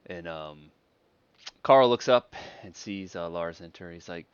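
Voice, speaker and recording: A man's voice: low-pitched, unhurried, clean tone, dry recording, highs cut off. A man narrating a tabletop game as game master, laid-back and often chuckling.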